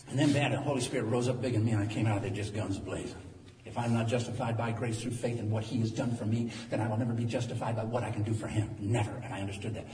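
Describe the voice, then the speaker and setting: A pastor in his sixties preaching an animated sermon that swings from quiet talk to loud preaching, recorded in a church. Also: mid-range voice, quick pace, a little hiss or hum. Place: church sanctuary. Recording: echoey hall from far off.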